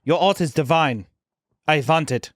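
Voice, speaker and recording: A man's voice: fairly high pitch, unhurried, dry recording, clean studio sound, natural voice. A man putting on a grand German lady art patron. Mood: fawning. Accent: put-on German.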